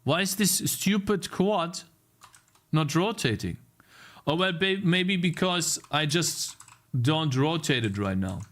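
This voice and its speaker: Young man, game dev streamer, slow unhurried speech, grumbling at code, chatting to viewers. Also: on the high side, animated, a bit bright. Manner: frustrated muttering while debugging, talking to chat. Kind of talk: live coding stream chat.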